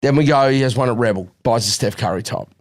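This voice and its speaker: A man's voice: mid-range voice, fast talker. A middle-aged Australian man, a podcast co-host, telling a long story in casual chat and acting out the quotes. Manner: animated storytelling, acts out quotes.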